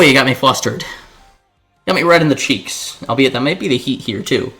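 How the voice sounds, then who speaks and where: A chatty man streams from his home kitchen, joking and swearing freely as he cooks. His voice is bright and forward, at an ordinary middle pitch. Soft music plays faintly behind him. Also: animated, normal speed. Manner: chatty, profane and playful, talking to chat. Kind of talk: casual cooking livestream chat.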